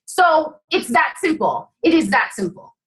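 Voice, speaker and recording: A woman's voice: high-pitched, big pitch swings, measured pace, fairly bright tone, low-quality recording. A woman giving fired-up, blunt sales coaching as a guest on a video call.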